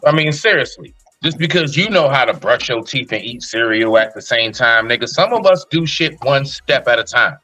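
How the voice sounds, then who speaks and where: A man's voice: mid-range voice, animated, moderate pace, hardly any pauses, pushed and bright, muffled recording, faint music behind. A man co-hosting a podcast, joking sarcastically in casual chat. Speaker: podcast co-host.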